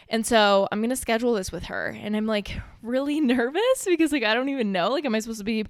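A woman's voice: fairly high pitch, fast talker, hardly any pauses, dry recording, clean studio sound. A young woman in her twenties hosting a casual solo podcast, rambling with lots of "like" and frequent swearing, a little out of breath. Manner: rambling, filler-heavy, swears often. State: a bit out of breath. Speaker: podcast host.

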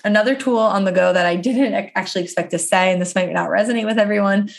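A young woman co-hosting a podcast, talking casually and chattily with lots of "like" and animated asides. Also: mid-range voice, fast talker, creaky. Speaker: podcast co-host, dietitian.

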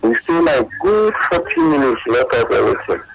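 A Nigerian man calling in to a radio show, telling a halting, emotional story of lost love in pidgin-laced English. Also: medium pitch, big pitch swings, gravelly, low-quality recording. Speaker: caller.

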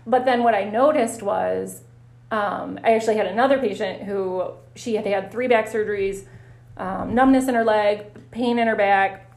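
A woman physical therapist telling stories in a casual interview, animated and quick to laugh. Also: medium pitch, vocal fry. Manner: animated, laughs often, acts out her own reactions. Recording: roomy echo.

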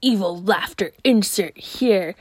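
A woman's voice: mid-range voice, slow pace, a little mellow, breathy edge, no room sound, clean studio sound. A woman putting on the voice of a cruel, gloating young boyfriend who mocks and fake-soothes his partner, cackling as he goes.

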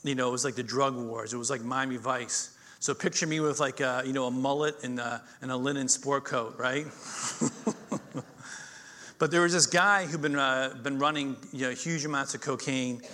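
A middle-aged male pastor preaching a sermon, telling stories with swings between loud emphasis and quiet intensity. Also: medium pitch, fairly even intonation, normal speed.

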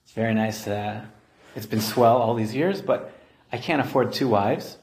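A man's voice: medium pitch, normal speed, darkish tone, natural voice. A man acting out a casual husband who leaves his wife for another woman, speaking offhandedly, in a room with echo. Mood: offhand. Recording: roomy echo.

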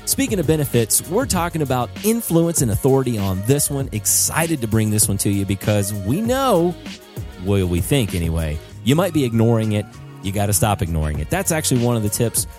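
A man's voice: mid-range voice, very animated, a little fast, a little mellow, soft background music. A man hosting a podcast in an upbeat, hyped-up casual chat, on a studio podcast mic. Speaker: podcast host.

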